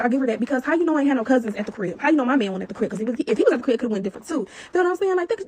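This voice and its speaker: Young woman telling a story to camera, talks super fast, kinda high voice, blunt and animated. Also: a little hiss or hum. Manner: animated and blunt, heavy profanity. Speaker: vlogger.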